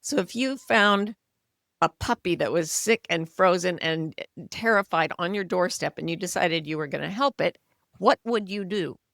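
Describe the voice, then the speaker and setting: A woman in her sixties, an author and coach speaking as a podcast guest, explaining in an earnest, conversational way that softens and slows when she models kind self-talk. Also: on the low side, vocal fry, dry recording, studio quality. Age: 60s. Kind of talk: conversational interview.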